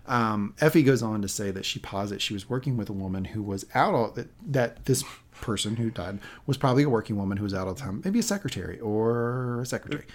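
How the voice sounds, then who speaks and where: A man's voice: lowish voice, expressive, fast talker. A man co-hosting a casual podcast recap, talking in a rambling, self-correcting way with wry asides. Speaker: podcast co-host.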